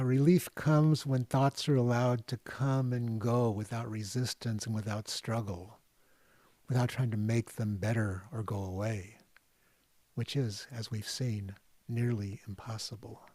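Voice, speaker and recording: A man, a guest author, telling a story with light humor in a relaxed talk. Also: mid-range voice, dry recording. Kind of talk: storytelling talk on a video call.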